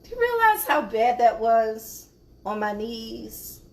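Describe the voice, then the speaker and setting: A woman's voice: fairly high pitch, sing-song, slow pace. A woman, hosting a casual live cooking stream in her home kitchen, chatting with viewers and trailing off with fillers. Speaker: cooking show host.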